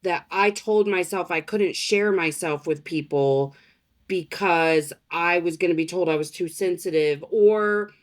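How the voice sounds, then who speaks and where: A woman's voice: on the low side, unhurried. A woman guest on a podcast, talking candidly and expressively, swearing freely in casual conversation.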